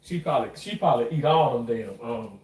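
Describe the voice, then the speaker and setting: A man's voice: mid-range voice, animated, a little fast, a little mellow, recorded from a distance. A man, talking through his home cooking in a rambling, chatty way with casual swearing. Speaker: cooking vlogger. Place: home kitchen. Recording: echoey room, voice off-mic, faint noise.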